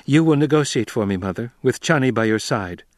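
A man voicing a resolute young ruler who speaks firmly and deliberately. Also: mid-range voice, animated, no echo, studio quality, lightly acted. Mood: commanding. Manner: firm, deliberate. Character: commanding young male ruler, cold and resolute.

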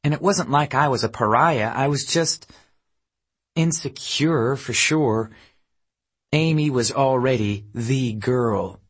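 A man with a husky voice voicing a guarded, bitter woman from Memphis who is raising young children, wary and confiding, snapping at her family in an audiobook. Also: medium pitch, takes it slowly.

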